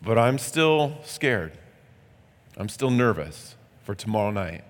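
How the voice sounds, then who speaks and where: A man's voice: fairly low pitch, very animated, slow, long reverb tail. A preacher voicing a nervous, stammering Israelite father. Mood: anxious. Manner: hesitant, stammering.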